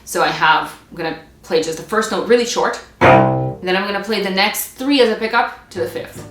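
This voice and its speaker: A woman's voice: mid-range voice, normal speed, loud music behind the voice. A woman teaching a string practice technique, explaining step by step in a patient, demonstrating manner. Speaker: music teacher. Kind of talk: instrumental practice lesson. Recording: echoey room with string playing. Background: bowed string instrument between lines.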